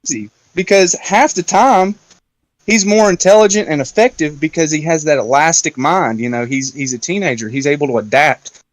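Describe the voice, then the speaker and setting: A man hosting a casual round-table talk, retelling a story in an animated way and acting out the quotes. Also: on the high side, normal speed, no echo. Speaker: podcast host.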